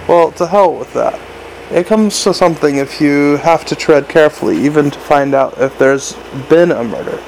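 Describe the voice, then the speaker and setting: A man's voice: fairly high pitch, normal speed, gravelly, a little mellow, a little hiss or hum, rough recording. Man narrating a wry fantasy novel. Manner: wry, with small stumbles and restarts. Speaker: audiobook narrator.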